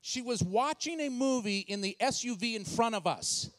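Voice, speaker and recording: At normal speed and a very high pitch, this man in his forties, a comedian and speaker from Washington State, delivers a funny talk at church. His storytelling is animated, with characters' voices acted out.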